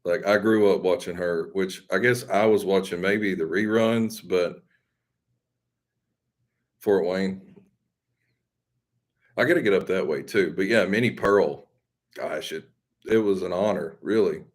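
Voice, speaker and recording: A Southern man with a deep, low voice chats loosely with his viewers. He rambles and jokes at his own expense in an easygoing, folksy way. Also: measured pace, long pauses. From Mississippi. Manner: rambling, folksy, self-deprecating. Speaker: live stream host. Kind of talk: casual chat with viewers.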